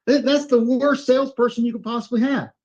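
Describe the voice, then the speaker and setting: Animated high-voiced man telling a story. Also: fairly quick, highs cut off. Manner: animated, acts out dialogue in quotes. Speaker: IT channel consultant. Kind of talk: storytelling business talk.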